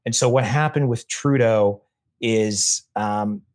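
A man's voice: mid-range voice, takes it slowly. A man talking casually as a podcast guest, opinionated and rambling, often restarting his sentences. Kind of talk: casual conversation.

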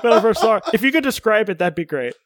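A man's voice: high voice, expressive, quick pace, a bit bright. A man co-hosting a casual podcast chat, reading out a character profile with joking asides. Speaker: podcast co-host.

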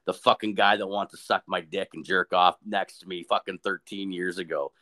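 A man's voice: sits low, moderate pace. A young man telling a crude story in casual chat, swearing constantly and acting out what people said. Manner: profane, animated, quotes people in funny voices.

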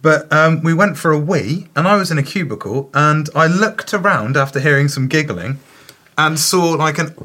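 A man's voice: fairly high pitch, lively intonation, moderate pace, pushed and bright. A man co-hosting a casual comedy podcast, telling rambling, crude anecdotes. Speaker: podcast co-host.

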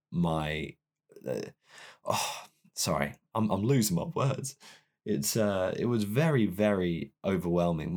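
Young man, deep low voice, candid, self-deprecating, rambling personal storytelling.

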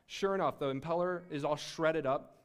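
Animated man telling a faith testimony. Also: a little high, normal speed, clean tone. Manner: animated, laughing, with frequent restarts. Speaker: speaker sharing a faith testimony. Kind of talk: sermon-style storytelling.

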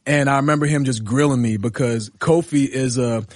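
A man who is a professional wrestler, guest on a radio interview, telling stories in a lively way and often asking "you know what I'm saying". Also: mid-range voice, moderate pace, no room sound, studio quality. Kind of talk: casual radio interview storytelling. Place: radio studio.

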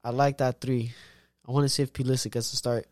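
A young American man co-hosting a sports podcast, in excitable, trash-talking banter, cutting in again and again. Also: mid-range voice, quick pace, dry recording, clean studio sound. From United States. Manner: excitable trash-talk, repeats "guy" over and over. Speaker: podcast co-host.

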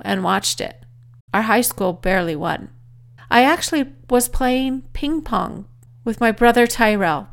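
Woman author, motivational talk, earnest storytelling, gravelly voice. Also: mid-range voice. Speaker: author and speaker.

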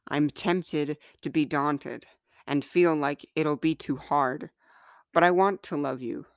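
Woman, author reading her own confessional letters; slow, smooth, close dry sound. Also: low voice, dry recording.

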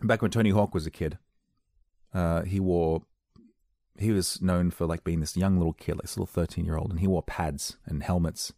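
Gravelly low-voiced man rambling casually. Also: steady tone, normal speed, warm tone, dry recording. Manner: jokey, self-deprecating, slips into silly voices. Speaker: podcast host.

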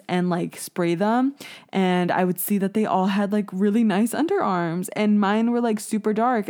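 A woman's voice: medium pitch, dark tone. A woman in her twenties hosting a casual solo podcast, talking candidly with lots of "like" fillers, some swearing, and jokes at her own expense. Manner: self-mocking, laughs at herself. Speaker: podcast host.

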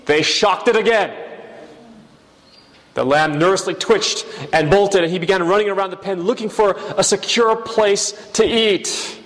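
A man preaching a sermon, telling a story in an animated way and then putting questions to the room. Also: on the high side, big-room sound. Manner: animated storyteller, bleats like a lamb.

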